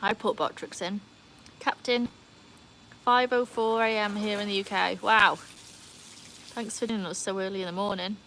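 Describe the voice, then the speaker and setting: Her voice is mid-range, steady, bright, and forceful, and she talks unhurriedly with long pauses over slight background noise. She's a livestream host sitting outdoors by a home swimming pool, casually reading viewer comments and letting out squealing cheers.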